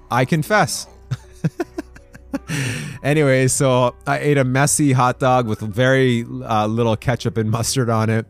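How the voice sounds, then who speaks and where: Guy hosting a faith podcast, chatty and laughing, regular mid voice, bit of quiet music underneath. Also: medium pitch, level tone, measured pace, long pauses. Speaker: podcast host. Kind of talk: devotional podcast talk.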